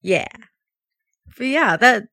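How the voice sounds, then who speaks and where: A woman's voice: a little high, lively intonation, slow pace, vocal fry, pushed and bright, no room sound, studio quality. Laughing, emotional young woman chatting. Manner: emotional, laughs often while talking. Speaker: podcast co-host. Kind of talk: casual chat.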